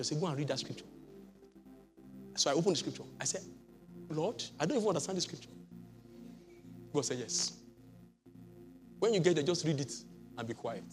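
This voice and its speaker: A middle-aged pastor tells his own testimony from the pulpit in a high, ringing voice. He jumps from loud exclamations to hushed asides and laughs often. Soft music plays underneath. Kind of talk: sermon with personal testimony.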